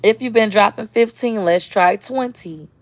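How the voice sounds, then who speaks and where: A woman's voice: medium pitch, normal speed, no room sound. A woman, talking casually and bluntly on a live stream as a social media creator, answering viewer comments.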